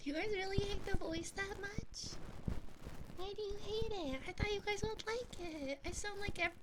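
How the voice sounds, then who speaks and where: A woman putting on the voice of a squeaky, cute young anime-style girl, talking in an exaggerated, bratty way. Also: moderate pace, heavy background noise. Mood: squeaky indignant.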